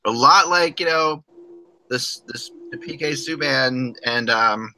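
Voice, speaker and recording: A man's voice: mid-range voice, slow pace, pushed and bright, low-quality recording. A man hosting a casual hockey podcast, rambling and joking with frequent restarts. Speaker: podcast host.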